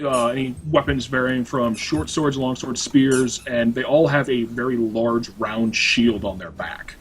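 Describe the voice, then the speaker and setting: A man's voice: medium pitch, a bit bright, slight background noise. A man running a tabletop role-playing game as game master, narrating with many restarts and fillers. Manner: halting, filler-heavy narration.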